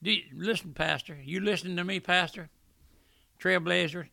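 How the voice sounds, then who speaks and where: An older man preaching a fervent radio sermon, swelling loudly at points and breaking into asides. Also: high voice, moderate pace, gravelly, dry recording.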